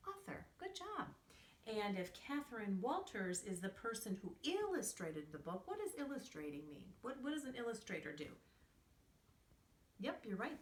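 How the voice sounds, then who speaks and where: A woman teaching young children in a remote lesson, speaking in a slow, clearly enunciated, sing-song way. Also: medium pitch, a bit bright. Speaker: preschool teacher. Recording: roomy echo, distant from mic.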